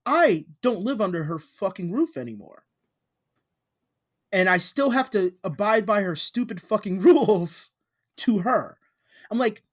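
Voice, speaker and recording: Blunt, foul-mouthed co-host: mid-pitched, with a voice that swoops up and down. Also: animated, a little slow, pauses often. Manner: blunt, heavily profane. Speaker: podcast co-host. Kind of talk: casual chat.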